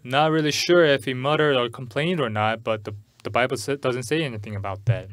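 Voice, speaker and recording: Halting pastor telling a story. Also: male voice, medium pitch, fairly bright tone. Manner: halting, repeats and restarts words while telling a personal story. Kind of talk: sermon storytelling. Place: church service.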